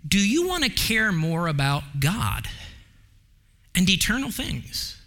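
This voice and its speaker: A man preaches slowly as a pastor, yet stays animated throughout. His tone lurches between excited heights and hushed depths, and he uses the occasional filler.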